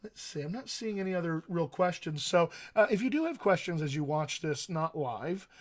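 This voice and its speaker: A man's voice: a little high, expressive, moderate pace. An American man, a dialect coach, teaching actors on a livestream in an earnest, emphatic way and repeating key phrases. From United States.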